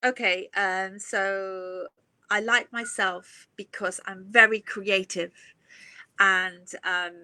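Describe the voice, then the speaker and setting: Bright-toned chatty woman host. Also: medium pitch, steady tone, slow, smooth, no echo. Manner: chatty, many fillers and asides. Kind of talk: casual chat. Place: live online chat.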